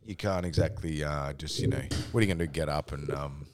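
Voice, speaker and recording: A man's voice: rumbling low, brisk, very noisy. A young Australian man telling a rambling, sweary story on a casual podcast, laughing as he goes. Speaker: podcast co-host.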